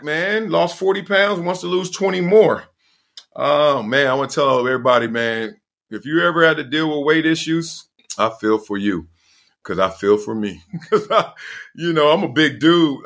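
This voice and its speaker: A middle-aged man hosts a casual podcast on his own, spinning stories with loose slang and frequent laughter. His voice is bright and forceful, and his pitch swoops lively up and down. He talks like he is chatting with old friends. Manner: animated storyteller, slangy, laughs often. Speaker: podcast host. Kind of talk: casual solo podcast monologue.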